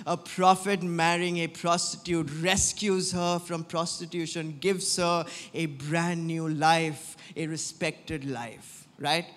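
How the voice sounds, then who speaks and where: Brief: male preacher, high-pitched and chatty, telling a story to his congregation in a reverberant church. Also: pushed and bright. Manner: conversational, frequent "right?" tags. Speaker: pastor. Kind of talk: sermon.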